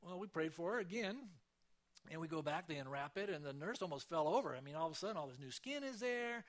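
A man speaks from a church stage, telling his stories in a casual, conversational flow. His voice sits a little high for a man. He acts out the voices he quotes with lively swings. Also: quick pace. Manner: conversational, animated storytelling with acted quotes. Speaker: church speaker giving testimony. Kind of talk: sermon testimony storytelling.

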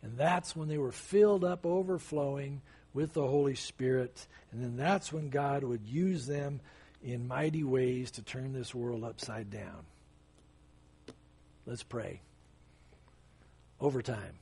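A man's voice: mid-range voice, takes it slowly, pauses often, warm tone, slightly rough. A male pastor preaching an expository sermon, conversational and emphatic, with sudden surges of intensity.

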